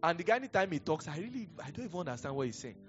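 High-voiced Nigerian pastor preaching. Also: male voice, very animated, very fast. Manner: conversational, digressive storytelling with chuckles. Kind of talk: preaching a sermon. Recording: dull lo-fi sound with faint music.

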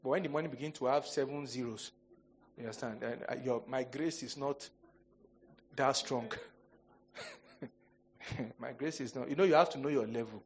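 A man's voice: mid-range voice, moderate pace, long pauses, a little hiss or hum. A male pastor preaching a sermon, telling humorous stories and acting out quoted voices. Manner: animated storytelling, jokes and mock quotes.

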